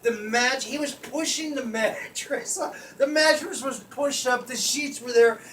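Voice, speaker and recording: A young man with a high, bright voice tells a rambling comic story, breaking into laughter again and again. He swears freely and acts out the loud screams. He sounds a little far from the mic, with faint noise behind him. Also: unhurried. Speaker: storyteller guest. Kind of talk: casual comedic storytelling.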